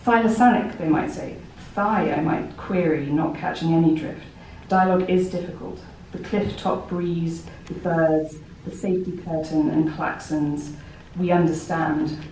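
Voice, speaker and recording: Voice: medium pitch, flat delivery, a little slow, a little mellow, a little hiss or hum. A poet reading a playful prose poem aloud in a wry, conversational way at a library event. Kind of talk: poetry reading. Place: poetry library event room. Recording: very echoey room, distant mic.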